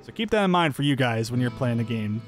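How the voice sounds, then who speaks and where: A man's voice: mid-range voice, expressive, fast, faint music behind. A man giving upbeat, chatty let's-play commentary, thinking aloud as he plays. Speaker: gameplay commentator.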